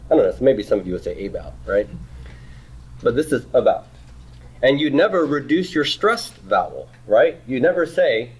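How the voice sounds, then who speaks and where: His medium-pitched voice is sing-song with a breathy edge, moving at a moderate pace as he lectures a class on Hebrew grammar. He breaks explanations into steps, restarts and repeats phrases, and checks in constantly with "okay?" and "right?".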